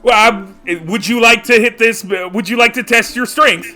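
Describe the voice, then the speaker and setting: A man voicing a fawning male carnival game barker with stammering, flattering patter. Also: very high-pitched, moderate pace, over music, voice pushed up.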